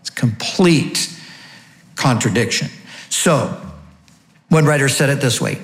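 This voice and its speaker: A man's voice: slow, pauses often, a bit bright, reverberant. A man preaching a sermon, emphatic, asking rhetorical questions and driving his points home. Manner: emphatic, rhetorical questions, sweeping pitch rises. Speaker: pastor.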